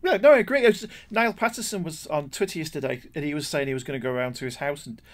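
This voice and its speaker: A man's voice: a little high, fast talker. Stammering British podcast co-host, a man. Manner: self-deprecating, stammering restarts. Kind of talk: casual podcast chat.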